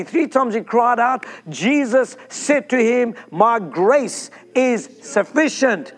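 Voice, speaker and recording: A man preaching an excited sermon, breaking into whoops. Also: very high voice, unhurried, few pauses. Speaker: pastor.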